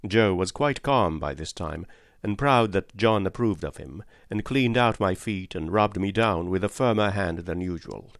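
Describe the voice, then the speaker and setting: A man with a low voice reads a classic story aloud in a steady, measured way. The recording is close and dry, with no room sound around him. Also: no echo. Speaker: audiobook narrator. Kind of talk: scripted narration.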